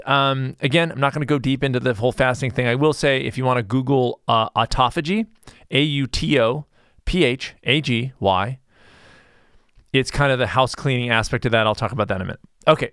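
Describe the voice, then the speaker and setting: A man's voice: medium pitch, a bit bright, no echo, studio quality. A man hosting his own podcast, talking through a casual solo monologue that rambles, with frequent restarts and asides. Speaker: podcast host.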